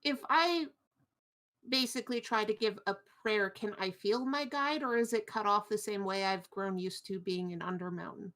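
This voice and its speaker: A woman playing a tabletop game, asking quick questions and reasoning aloud. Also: medium pitch, fairly bright tone. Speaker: player. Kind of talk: casual tabletop game chat.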